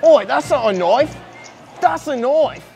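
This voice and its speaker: Brash Australian bushman with a loud twang, played by a young man, high-pitched, for a student sketch. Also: animated, measured pace, vocal fry, music in the background, heavily acted. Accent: put-on Australian.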